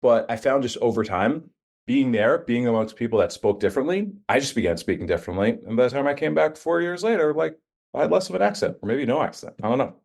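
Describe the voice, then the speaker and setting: A man from Staten Island co-hosting a business podcast, talking in a relaxed, anecdotal way. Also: mid-range voice, quick pace. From Staten Island, New York. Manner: relaxed, storytelling, many fillers and restarts. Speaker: podcast co-host. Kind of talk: casual conversational podcast chat.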